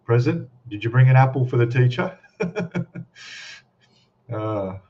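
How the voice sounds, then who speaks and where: A man's voice: medium pitch, lively intonation, takes it slowly, muffled recording. A man with an Australian accent hosting a casual live stream, chatting and greeting viewers by name with plenty of fillers.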